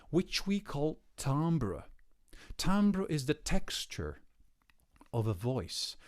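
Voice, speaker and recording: A man who gives voice workshops, explaining a concept in a reflective, emphatic way, slowing down and speeding up to stress his points. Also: mid-range voice, a little mellow. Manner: reflective, emphatic, with varied pace and pauses. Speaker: voice coach. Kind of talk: explanatory talk to camera.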